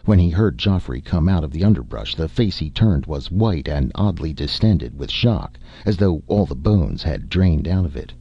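A man reading a story aloud as a narrator, in measured scripted narration. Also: very deep voice, sing-song, gravelly, warm tone, husky, lo-fi sound. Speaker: audiobook narrator.

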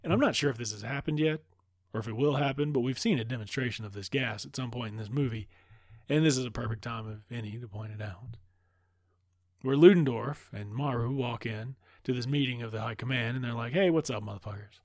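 A man's voice: mid-range voice, a little fast, no room sound, studio quality. Casual swearing man recapping a movie. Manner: loose, rambling, swears freely.

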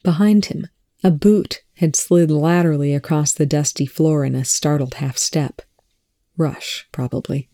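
Narrator, audiobook-style reading, mellow dark tone, dry close sound. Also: mid-range voice, steady tone, a little slow, no echo. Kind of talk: audiobook reading of fan fiction.

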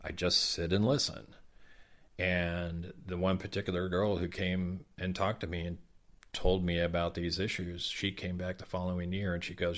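A man's voice: low-pitched, little pitch movement, normal speed. A middle-aged man with a Southern American accent who works as Santa, telling stories in an interview and acting out the children's words. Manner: warm, anecdotal, acts out children's words. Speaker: professional Santa Claus. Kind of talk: interview storytelling.

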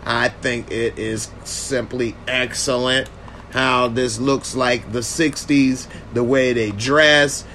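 A man's voice: medium pitch, fairly even intonation, slow pace, pushed and bright, slight background noise. A man casually reviewing a TV episode and answering viewer comments in a loose, conversational way. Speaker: TV show reviewer. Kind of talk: casual reaction video commentary.

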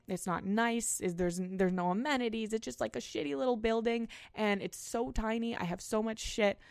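A young woman hosting her own podcast, talking casually and bluntly with a lot of swearing, and getting louder and more animated as she rants. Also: mid-range voice, vocal fry, dry recording, studio quality. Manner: blunt, frequent swearing, rising and animated when ranting. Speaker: podcast host. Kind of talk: casual solo podcast rant. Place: small apartment.

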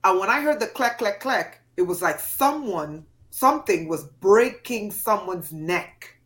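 A woman's voice: mid-range voice, expressive, a little slow, a bit bright. A woman from Trinidad and Tobago, a podcast guest, telling a dramatic personal story with emphatic, acted-out voices. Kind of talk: storytelling in an interview.

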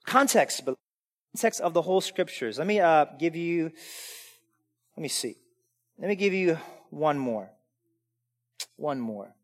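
A man preaching a sermon as pastor, emphatic, swinging between loud preaching and quiet asides. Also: on the high side, lively intonation, unhurried, pauses often. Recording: long hall reverb.

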